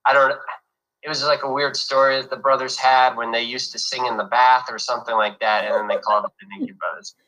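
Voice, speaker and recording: A man's voice: mid-range voice, level tone, fairly quick, pushed and bright, rough recording. A young man from New York, an actor guest telling his story in an easygoing, rambling way. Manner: easygoing, rambling with fillers and restarts. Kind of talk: casual interview chat.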